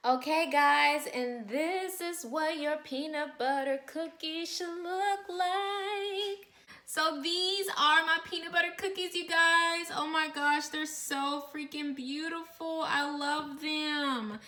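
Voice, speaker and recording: A woman's voice: sits high, steady tone, slow pace, sharp tone, soft background music. A woman chatting casually as a cooking vlogger in a home kitchen, gushing over her food and talking straight to her viewers. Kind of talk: casual recipe chat and taste test.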